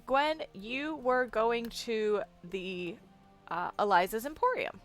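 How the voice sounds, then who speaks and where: A woman game master narrating a tabletop game. Her voice is high and very expressive, swinging up and down as she lays out each moment. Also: slow, faint music behind. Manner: lively, descriptive narration.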